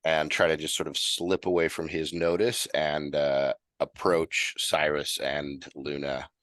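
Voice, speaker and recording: A man's voice: a bass voice, little pitch movement, measured pace, fairly bright tone, no room sound, clean studio sound. A man playing a tabletop game online, describing his character's actions hesitantly as he thinks aloud. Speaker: player.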